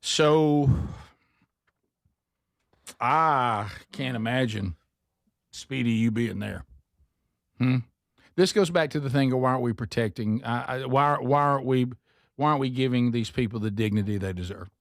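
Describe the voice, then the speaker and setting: A man hosts a talk show, reading a listener's email aloud at a mid-range pitch. He breaks off now and then for wry asides to his co-hosts. The studio sound is close and dry, with no room echo. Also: unhurried, vocal fry, long pauses. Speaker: radio talk show host.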